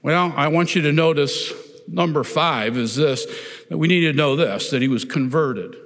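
A pastor preaching a sermon in a church, deliberate and emphatic, often pointing listeners to the text with "notice". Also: male voice, fairly high pitch, fairly bright tone. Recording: long reverb of a large hall.

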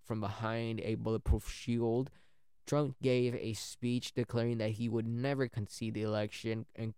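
A man's voice: medium pitch, a little mellow, clean tone, no room sound, clean studio sound. A man narrating history in a casual way, often stumbling and correcting himself.

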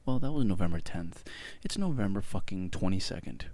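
A young man rants on a podcast at a rapid clip. His voice is fairly low but swings widely in pitch, exaggerated and profane as he works himself up. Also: expressive, mellow, no echo. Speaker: podcast co-host. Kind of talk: casual chat, ranting complaint.

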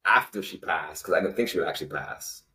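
A man's voice: deep voice, quick pace, bright, forceful tone, reverberant, low-quality recording. A young man in his twenties, a guest telling a personal story in an earnest, emotional way with many fillers. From Canada. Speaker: interview guest.

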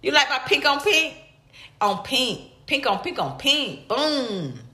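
A woman hosting a casual live stream, talking to viewers and breaking off to greet them in high, excited bursts. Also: slow pace, roomy sound.

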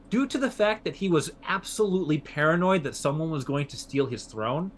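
A man co-hosting a history podcast, telling the story casually with fillers and restarts. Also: fairly high pitch. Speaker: podcast co-host.

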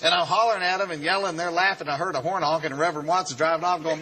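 A man spins a story for a live crowd, folksy and animated, slipping into the voices of the people in it. His voice sits a little high and rings bright and forceful. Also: rapid-fire, a little hiss or hum. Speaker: speaker telling his life story.

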